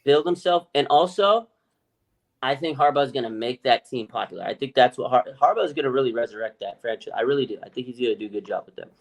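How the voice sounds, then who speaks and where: A man co-hosting a podcast, chatting in a lively, casual way, swearing freely and acting out other people's voices. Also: medium pitch, fast talker. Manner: animated, swears freely, acts out quoted voices. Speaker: podcast co-host. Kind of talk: casual sports chat.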